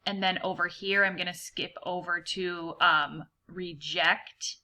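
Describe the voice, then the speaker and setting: A woman teacher talks her students through a word reading fluency list. Her voice sits a little low yet sounds bright and forward. She explains pronunciation patiently and clearly, like a recorded lesson. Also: little pitch movement, normal speed.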